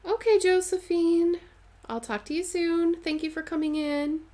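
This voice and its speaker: A woman's voice: extremely high pitch, unhurried, mellow. A woman chatting casually on a live stream while she stitches, answering viewers' comments and playfully dramatizing her stories.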